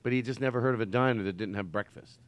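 A man's voice: medium pitch, quick pace. A man hosting a podcast in casual chat, rambling and cutting himself off. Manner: rambling, self-interrupting. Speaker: podcast host.

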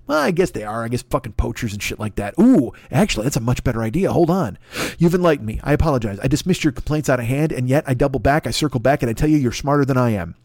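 A man's voice: medium pitch, a little mellow, no room sound, clean studio sound. A man hosting a comedy podcast, riffing through a profane, rambling monologue and sliding into silly voices. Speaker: podcast host.

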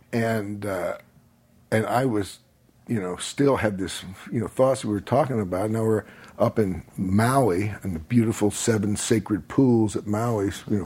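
Older guest with a breathy, husky voice, unhurried storyteller who chuckles and swears easily. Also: male voice, fairly low pitch, darkish tone. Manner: laid-back, rambling, chuckling, swears freely. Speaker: podcast guest. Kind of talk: casual storytelling.

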